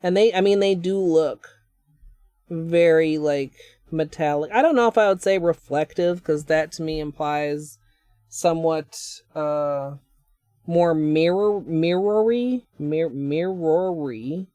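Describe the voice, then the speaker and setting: A woman's voice: low-pitched, slow, mellow, dry recording. Chatty woman streaming nail art. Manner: chatty, rambling, self-deprecating asides. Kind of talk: casual livestream chat.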